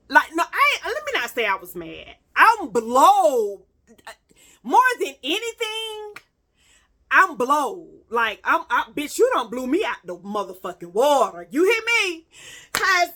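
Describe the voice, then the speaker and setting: A young adult woman vlogger telling a personal story in a casual, animated and profane way, talking straight to her viewers. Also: fairly high pitch.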